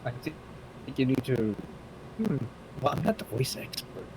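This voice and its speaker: Male co-streamer, playful and halting, ordinary mid-pitch, light background hiss. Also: sing-song. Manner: joking, laughs often, halting. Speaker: guest streamer. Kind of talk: casual stream chat.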